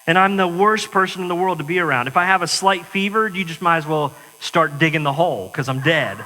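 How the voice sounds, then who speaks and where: A man's voice: fairly high pitch, brisk, sharp tone. A man preaching a sermon in a church, talking in a conversational way and poking fun at himself. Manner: conversational, self-mocking humor. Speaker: pastor. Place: church sanctuary. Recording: long church-hall reverb.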